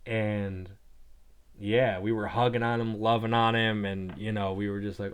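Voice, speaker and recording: A young man hosts his own podcast, telling a personal story in a loose, rambling way and saying "like" constantly. His voice is fairly low and flat, with a measured pace and a clean tone.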